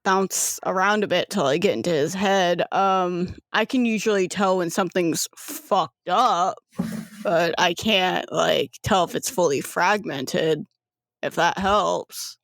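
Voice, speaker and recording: A woman voicing a gruff, tired middle-aged father, speaking lower and slower than her own voice. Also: a bit bright, no room sound, clean studio sound. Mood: musing.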